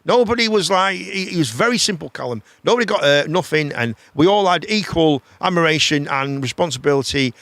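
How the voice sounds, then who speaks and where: A man hosting a live chat show, rambling in a casual, animated way and swearing freely. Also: fairly high pitch, brisk, few pauses, dry recording.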